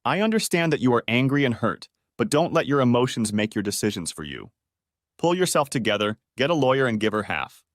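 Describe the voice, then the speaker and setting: A man's voice: medium pitch, big pitch swings, fairly quick, dry recording, clean studio sound, close to an everyday voice. A man reading as a blunt, level-headed friend. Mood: firm. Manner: blunt, firm.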